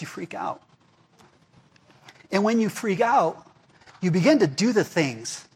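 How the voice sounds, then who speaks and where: A man's voice: sits high, breathy edge. A male pastor preaching a casual, conversational sermon, often checking in with "right?" and "okay?". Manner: chatty, asks the crowd "right?" and "okay?".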